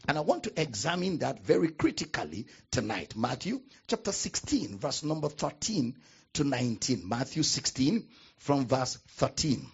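A man preaching a sermon as pastor, with dramatic pauses and emphatic repetition. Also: medium pitch, sing-song, creaky, breathy edge, muffled recording.

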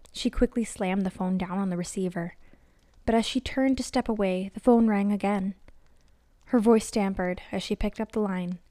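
A woman telling a spooky story in calm, measured scripted narration, close to the mic. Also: mid-range voice, no room sound.

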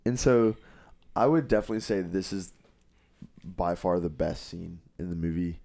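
A man with a lowish voice chats casually as a podcast co-host. He walks through a film scene beat by beat. He laughs often as he tells it. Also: moderate pace, vocal fry. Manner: animated retelling with frequent laughter. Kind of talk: casual movie-discussion chat.

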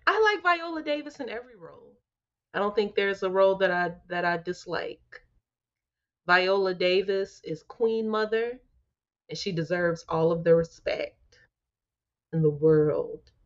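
A woman co-hosting a casual chat, talking bluntly in with animated, slangy rants. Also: medium pitch, a little slow. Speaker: podcast co-host. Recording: dull lo-fi sound.

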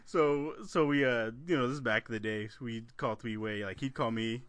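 A man's voice: mid-range voice, brisk, fairly bright tone, dry recording. A man co-hosting a podcast, telling a profane story in casual chat and breaking into laughter often. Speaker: podcast co-host.

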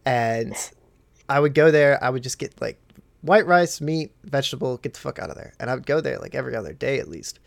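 A man's voice: mid-range voice, expressive, fairly quick, creaky, no echo. A man in his twenties, a podcast host, telling crude stories in casual chat and acting out the quotes.

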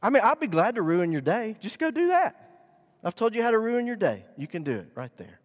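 A man preaching a sermon, animated and rising and falling for emphasis, in a church sanctuary. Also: sits high, a little fast. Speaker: pastor. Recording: long hall reverb.

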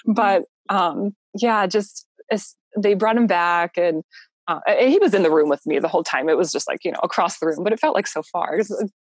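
A woman's voice: fairly low pitch, animated, normal speed, breathy edge, dry recording, clean studio sound. A young woman telling her own birth story in a casual, heartfelt way, laughing often and using lots of fillers.

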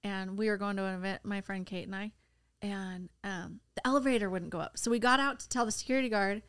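Smooth-voiced, chatty woman. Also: medium pitch, steady tone, fast talker, a bit bright. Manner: bubbly, laughing, chatty. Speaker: co-host, mother of the host. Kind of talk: casual podcast conversation.

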